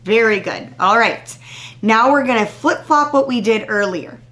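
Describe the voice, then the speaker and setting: A woman teacher leading a phonics warm-up for young children, sounding out words crisply and praising each answer patiently. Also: on the high side, animated. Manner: patient, drawn-out, encouraging praise after pauses. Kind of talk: slow, deliberate phonics lesson to young children.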